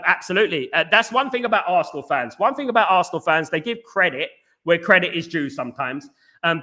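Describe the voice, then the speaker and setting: Male stream host, high and bright, rapid animated banter reading chat. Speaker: fan channel host reading live chat. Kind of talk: fast casual live-stream chat.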